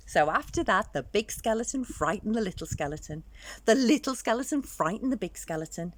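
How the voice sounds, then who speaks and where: A woman's voice: medium pitch, animated, fairly quick. A woman teacher reading a picture book aloud to young children, speaking directly to her listeners as she goes.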